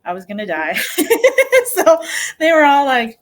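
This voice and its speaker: A woman's voice: fairly high pitch, big pitch swings, a little slow. A middle-aged American woman from New Mexico, telling her story as a podcast guest in a casual, upbeat way, laughing often. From New Mexico, USA. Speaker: podcast guest, dirt bike rider.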